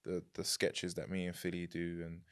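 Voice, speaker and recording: A young man with a London accent, chatting as a podcast guest, animated and quick to laugh. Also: deep voice. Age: young adult. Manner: animated, laughs easily, repeats words. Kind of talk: casual chat.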